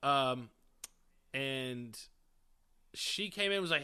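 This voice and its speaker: A man's voice: mid-range voice, unhurried, long pauses. A young man co-hosting a podcast, chatting casually and joking, often acting out little scenes. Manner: animated, jokey, acts out bits with put-on voices. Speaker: podcast co-host. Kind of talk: casual comedic chat.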